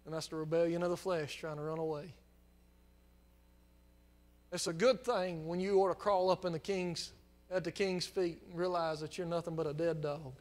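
A male preacher with a fairly high voice delivers a sermon. He drops low and quiet to tell a story, then builds into loud, fervent exhortation. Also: flat delivery, normal speed, long pauses. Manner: impassioned preaching that swells from quiet storytelling into near-shouting. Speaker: pastor.

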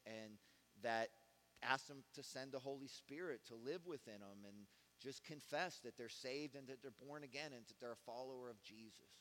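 Bright-voiced preacher in an echoey church. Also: male voice, medium pitch, a little hiss or hum. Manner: conversational preaching that swings from soft to loud and fervent. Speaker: pastor. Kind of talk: sermon.

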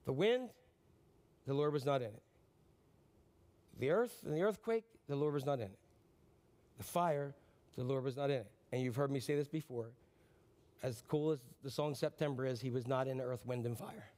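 Preaching with energy, this pastor has a medium-pitched voice and a moderate pace broken by frequent pauses. His volume swings from booming bursts down to almost a whisper, and he answers the questions he puts to his listeners.

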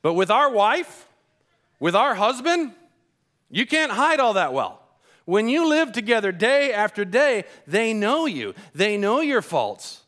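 Male pastor, middle-aged, slightly high voice, conversational sermon with anecdotes. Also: big pitch swings, unhurried, fairly bright tone. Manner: storytelling, acts out dialogue.

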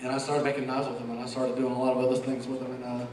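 A man's voice: medium pitch, monotone, very fast, noisy background. A middle-aged man giving an earnest, emotional church testimony and quoting scripture, with laughs between lines. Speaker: lay preacher. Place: church sanctuary. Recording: echoey hall, mic far off.

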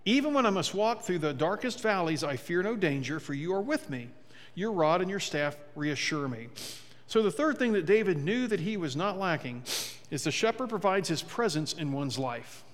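A man's voice: sits high, sing-song, normal speed. Male pastor, chatty and funny sermon delivery, slips into character voices, church hall echo. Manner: conversational, humorous, acts out quoted voices. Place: church sanctuary. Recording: long church hall reverb.

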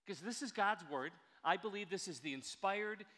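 A man preaching a sermon as a pastor, earnest and emphatic, slowing down to stress key words. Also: high voice, expressive, pushed and bright, big-room sound.

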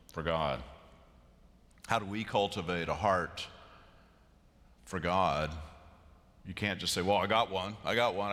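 A middle-aged man preaches in a big church, his low voice carrying a bright, forceful edge. He tells stories animatedly, jumping from quiet asides to loud bursts, and the long reverb of the sanctuary trails every phrase. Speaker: pastor. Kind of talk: sermon.

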